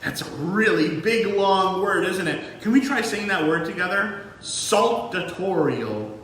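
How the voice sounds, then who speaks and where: A man giving a museum lesson to young children in a lively, sing-song way. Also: sits high, unhurried, slight background noise. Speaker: museum educator. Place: museum room. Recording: echoey room, mic far off.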